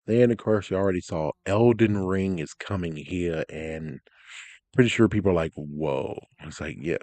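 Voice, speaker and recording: A young man casually commenting on game announcements, rambling, ranting loudly at times and then trailing off into mumbles. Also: sits low, moderate pace, no echo. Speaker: gaming vlogger.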